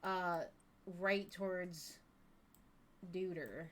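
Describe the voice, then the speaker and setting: Slow, thoughtful woman player. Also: lowish voice. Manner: thoughtful, hesitant, with fillers. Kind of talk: describing her character's actions in a tabletop game.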